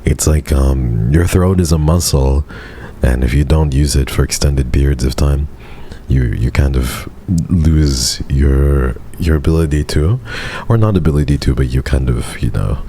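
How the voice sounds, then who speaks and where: A man streaming casually, speaking softly in a subdued monotone while sparing a sore throat. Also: very deep voice, unhurried, a little hiss or hum. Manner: soft-spoken and subdued, flat monotone delivery. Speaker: VTuber streamer. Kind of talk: casual livestream chat.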